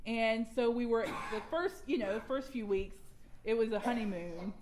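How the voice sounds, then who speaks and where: A woman's voice: on the high side, normal speed, noisy background. A young adult woman, candidly sharing her personal recovery story at a workshop and laughing at herself now and then. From Georgia, US.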